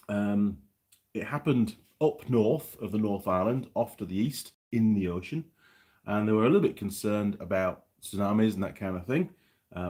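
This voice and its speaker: A man's voice: lowish voice, darkish tone. A man hosting a casual livestream, rambling as he reads out viewer comments and tells a story. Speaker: livestream host. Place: New Zealand.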